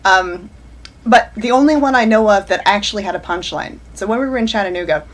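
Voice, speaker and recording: This author guest, a woman in her forties, has a mid-range voice with lively intonation and talks a little fast. Chatting casually over a video call, she rambles through anecdotes, frequently starting over and laughing.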